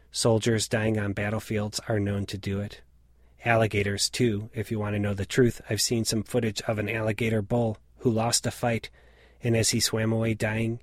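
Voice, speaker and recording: A man in his late forties reading a reflective personal story in a measured, scripted narration. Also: fairly low pitch, no room sound, clean studio sound. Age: late 40s.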